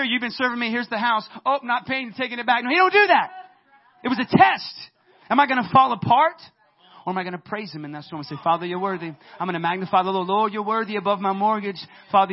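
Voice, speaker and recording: A man with a high voice preaches a sermon, chatty and animated, swinging from soft asides to loud bursts. The recording is dull and lo-fi. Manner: animated, conversational preaching with laughs and sudden loud peaks. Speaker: pastor.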